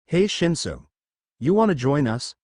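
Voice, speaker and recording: A man's voice: fairly high pitch, very animated, unhurried, darkish tone, no room sound, clean studio sound. A man voicing a polite, unsure teenage girl in a raised voice. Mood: surprised unsure.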